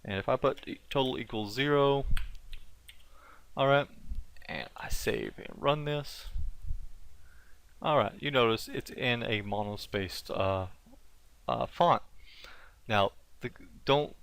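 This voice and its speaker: A man's voice: medium pitch, lively intonation, creaky, a bit bright. Casual man talking through code. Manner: casual, halting, many fillers and self-corrections. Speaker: tutorial instructor. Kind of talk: unscripted screen-recorded coding tutorial.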